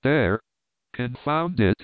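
A man's voice: mid-range voice, expressive, takes it slowly, dry recording. A man voicing a tearful, devoted English spinster sister in a storybook reading, in a pleading, plaintive manner. The recording is dry and tinny. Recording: dry tinny phone-like sound.

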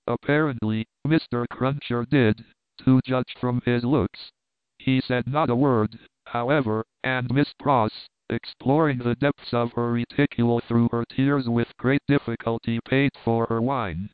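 A man reading a classic novel aloud as narrator, in measured, even storytelling. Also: medium pitch, clear, resonant tone, no echo. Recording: dry tinny phone-like sound.

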